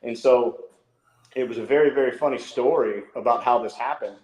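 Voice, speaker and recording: A middle-aged man tells a story on a podcast, dropping curses and switching to a raised voice whenever he quotes someone. His voice sits at a medium pitch. The sound carries a roomy echo. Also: normal speed. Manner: animated, swears freely, acts out quotes in a higher voice. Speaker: podcast guest. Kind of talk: casual storytelling.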